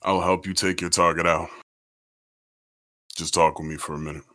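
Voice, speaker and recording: A man playing his character in a tabletop game, speaking low, calm and quiet. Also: normal speed. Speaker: player.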